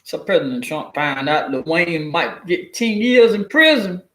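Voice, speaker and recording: A man's voice: a little high, big pitch swings, a little slow, sharp tone, echoey room. A man giving casual spoken commentary, loose and profane, telling stories with mock quotes. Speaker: commentary vlogger.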